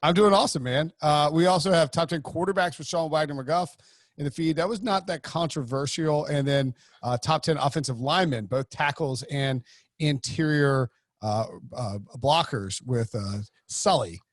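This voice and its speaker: A man's voice: a little high, normal speed, dry recording, clean studio sound. A man hosting a sports podcast, chatting in a loose, rambling way with many fillers and restarts. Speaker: podcast host. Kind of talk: casual podcast chat.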